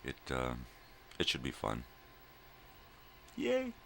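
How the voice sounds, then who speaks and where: A man's voice: very deep voice, moderate pace, gravelly, fairly bright tone, slight background noise. An older man rambling casually to viewers from home in the early morning, profane and drifting between thoughts. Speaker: daily vlog host.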